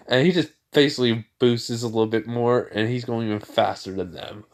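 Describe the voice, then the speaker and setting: Guy rambling through a fan story, like, tons of filler, average pitch. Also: a little fast. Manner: rambling, full of filler words. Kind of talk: casual fan-fiction retelling.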